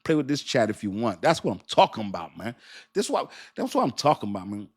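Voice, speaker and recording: A man's voice: fairly low pitch, very animated, quick pace. A man hosting a casual livestream, chatting loosely, laughing often and answering his chat. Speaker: crypto livestream host.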